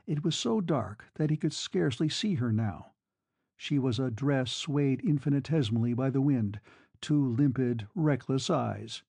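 A man narrating a classic novel in a measured, unhurried reading. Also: medium pitch, animated, gravelly, warm tone, slightly rough, dry recording. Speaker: audiobook narrator.

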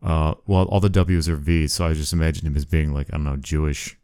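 A man casually telling a spooky story and chatting, relaxed and chuckling. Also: extremely low pitch, a little fast, clear, resonant tone, no echo, clean studio sound. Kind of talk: casual spoken story and chat.

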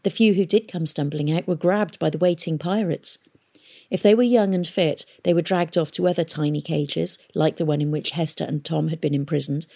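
Woman reading a book out loud, low husky voice, steady and measured. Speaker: audiobook reader. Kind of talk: reading a novel aloud.

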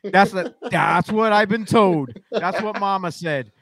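A man's voice: sits high, measured pace, a bit bright, dry recording. A man hosting a casual podcast, rambling along with stammering restarts. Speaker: podcast host.

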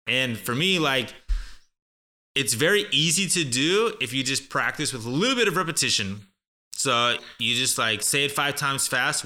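A man giving a casual spoken English lesson, chatty, slowly demonstrating phrases and repeating them. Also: medium pitch, lively intonation, bright, forceful tone. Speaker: guest English teacher.

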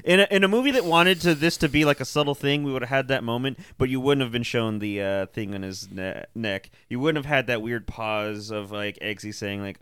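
A man's voice: mid-range voice, expressive, quick pace, few pauses, bright, forceful tone, clean tone, dry recording. A young man in a casual podcast chat, laid-back and analytical as he picks apart how a movie tells its story. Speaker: podcast co-host.

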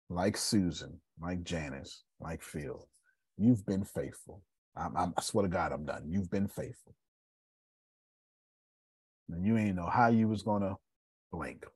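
Male live-stream host, low husky voice, swings widely in pitch, preachy delivery. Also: a little slow, pauses often, no echo. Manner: animated and preachy, with Southern Black American slang. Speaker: host of a live video show. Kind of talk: casual live-stream talk.

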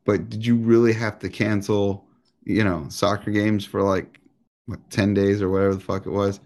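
A man, co-hosting a podcast in a low voice. He rambles through loose, profane banter and stays joking throughout. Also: little pitch movement, normal speed, a little mellow. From United States. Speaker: podcast co-host.

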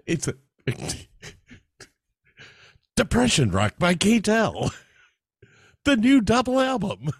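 A man co-hosting a podcast in casual chat, halting at times and laughing often. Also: high voice, wildly swooping pitch, gravelly, breathy edge, no room sound, studio quality. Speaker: podcast co-host.

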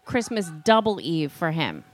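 A woman's voice: fairly low pitch, very animated, moderate pace. A woman co-hosting a radio show, playful and teasing in casual banter. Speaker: co-host. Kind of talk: casual sports talk.

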